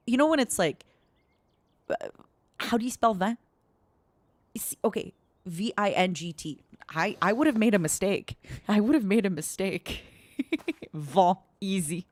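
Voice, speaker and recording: A woman streamer chatting softly and casually with her viewers while gaming, giggling often and slipping into French. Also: fairly low pitch, no echo. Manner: switches between English and French. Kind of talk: soft-spoken casual chat while gaming.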